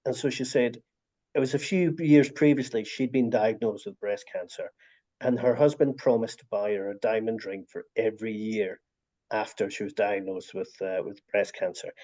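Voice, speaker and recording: Speaking at a moderate pace in a lowish voice, an author and story collector shares stories warmly in a relaxed video call chat. He frequently starts his sentences over, and the audio sounds dull and lo-fi.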